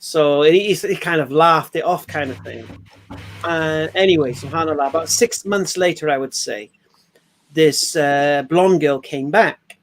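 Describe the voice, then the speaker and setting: Animated storytelling man. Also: on the high side, unhurried. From England. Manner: animated storyteller, acts out quoted voices. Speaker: panel guest sharing stories. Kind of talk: casual group chat.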